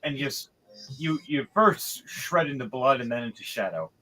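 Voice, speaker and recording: Dungeon master animado con voz brillante. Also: male voice, medium pitch, normal speed. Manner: animated, profane, rambling. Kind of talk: narrating a tabletop game.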